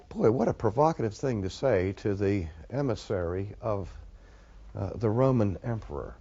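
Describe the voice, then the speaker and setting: A man's voice: on the low side, expressive, normal speed, mellow. A male preacher delivering an emphatic sermon, with rhetorical questions to the audience, in a dull lo-fi recording.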